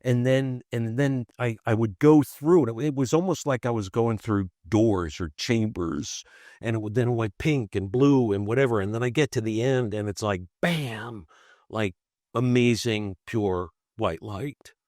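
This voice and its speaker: A man of middle pitch recounts a personal story as a podcast guest, his sentences stopping and restarting with repeated words. He slips into animated impressions of the people he quotes. The recording is dry and close, with no room sound at all. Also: no room sound. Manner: halting and repetitive, restarting phrases; animated, acts out quoted voices.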